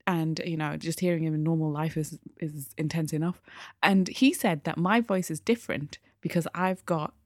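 A woman co-hosting a podcast from a living room, chatting in a lively, playfully argumentative way. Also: low-pitched, normal speed, no echo, studio quality. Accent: British English. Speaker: podcast co-host. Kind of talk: casual chat. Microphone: headphones on, studio mic.

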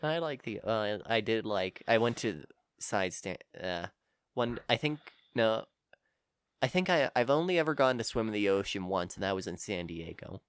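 A man's voice: lowish voice, expressive, moderate pace, clear, resonant tone, dry recording, clean studio sound. A tired man co-hosting a podcast, chatting casually and joking with laughs. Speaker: podcast co-host. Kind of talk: casual chat.

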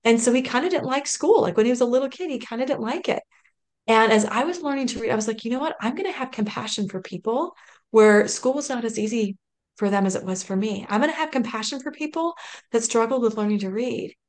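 A woman in her thirties telling her own story in an interview, with a voice that sits a little high for a woman. She talks in an earnest, emotional way, restarting her sentences often, and at times she comes close to tears. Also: fast, darkish tone. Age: 30s. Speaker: podcast guest.

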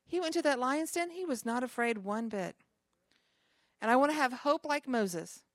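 A woman's voice: sits high, animated, normal speed, no room sound, clean studio sound. A woman pastor giving an informal sermon to a small group, talking conversationally with chatty asides between scripture readings.

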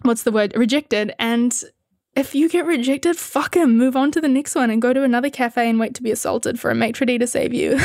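A woman's voice: a little high, no echo, clean studio sound. Chatty young woman. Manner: chatty, candid, swears freely, laughs often. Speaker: content creator answering viewer questions. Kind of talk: casual chat with viewers.

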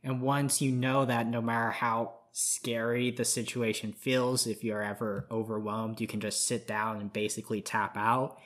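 On a podcast, a relaxed male co-host reminisces in casual chat. His voice is medium-pitched, his pace moderate, with hardly any pauses.

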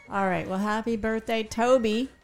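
A woman co-hosting a morning radio show in casual chat, candid and quick to laugh. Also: a little high. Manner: chatty, candid, laughs easily.

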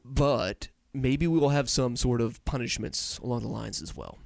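A man's voice: mid-range voice, moderate pace, vocal fry, darkish tone, dry recording. A young man co-hosting a casual podcast on a headset, upbeat and joking, rambling with restarts. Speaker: podcast co-host.

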